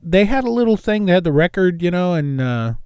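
A man's voice: high-pitched, sing-song, brisk, darkish tone, clean tone, dry recording, lo-fi sound. A man from East Los Angeles hosting a call-in talk radio show, rambling and jumping between topics.

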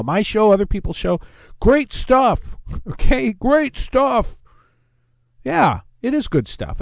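A male talk radio host from Southern California talks in a loose, rambling monologue, jumping between jokes and asides. His voice sits slightly high for a man. The studio sound is close and dry. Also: dry recording. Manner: rambling, self-interrupting, jokey.

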